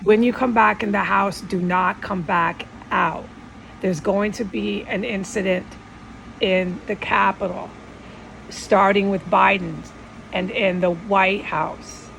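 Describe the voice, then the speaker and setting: A woman imitating a calm, stern male voice that gives slow, measured commands. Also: mid-range voice, creaky, slight background noise, low-quality recording.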